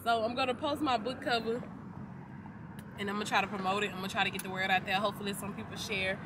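A young woman talks casually to her viewers from the driver's seat, rambling and tossing in the odd swear word. Her pitch sits in a middle range for a woman. Loud car and road noise rumbles behind her voice throughout. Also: fairly even intonation, fast talker. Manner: chatty, rambling, says y'all and swears casually. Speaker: vlogger. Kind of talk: casual vlog chat. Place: inside a car.

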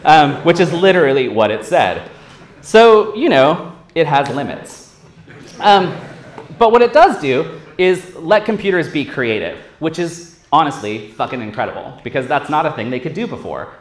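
A man giving a casual, profane conference talk on stage, acting out quoted voices as he goes. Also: mid-range voice. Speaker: conference speaker. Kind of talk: live tech conference talk. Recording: roomy hall echo.

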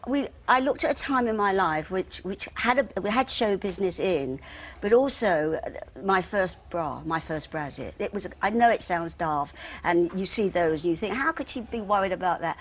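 A woman, a TV interview guest who tells gossipy stories full of quick asides and "you see". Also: fairly low pitch, animated. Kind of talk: chatty TV studio interview. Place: TV studio sofa.

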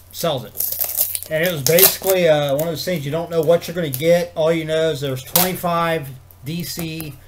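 A man of ordinary pitch rambling through a home vlog, full of fillers, restarts and casual swearing. A faint noise sits under the recording. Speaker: vlogger.

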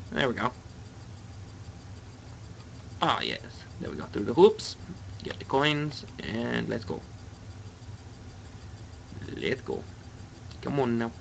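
A man's voice: mid-range voice, very animated, slow, vocal fry, pauses often, slight background noise, rough recording. A young Canadian man with a Canadian accent, chatting to viewers while he plays a racing game live. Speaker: let's play streamer.

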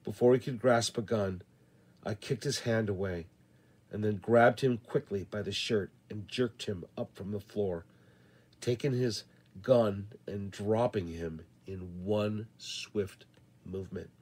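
A man reading a western novel aloud in the first person, measured and deliberate. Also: lowish voice, darkish tone, slightly rough. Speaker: audiobook reader. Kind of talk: first-person audiobook narration.

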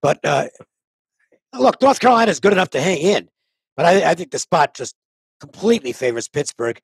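A man's voice: on the high side, big pitch swings, fairly quick, vocal fry, husky, dry recording, poor audio. An older man with a New England accent, giving his sports betting picks on a panel show in a plainspoken way. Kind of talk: casual panel talk.

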